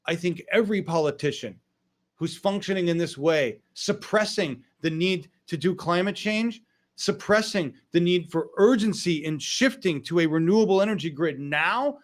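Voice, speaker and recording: A man's voice: high-pitched, expressive, moderate pace. A man hosting his own online political show, ranting angrily with frequent profanity and emphatic outbursts. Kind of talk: political rant.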